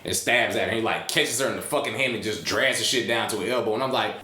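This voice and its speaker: A man casually reviewing a horror film, ranting with lots of profanity and getting loud and animated. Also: fast talker, few pauses, roomy sound. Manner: animated, profane, rants with rising pitch.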